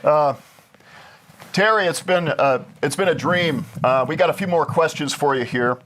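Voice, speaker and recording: Upbeat host guy, kinda high voice, super excited. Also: normal speed, a little hiss or hum. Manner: upbeat, enthusiastic reactions. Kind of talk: casual interview chat.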